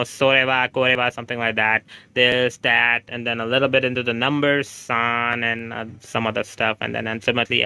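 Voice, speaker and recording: A man's voice: medium pitch, bright, forceful tone, clear, resonant tone, no echo. Chatty man streaming games. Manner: chatty, rambling, reassuring toward chat. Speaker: game livestreamer. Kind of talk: casual livestream chat, answering viewer comments.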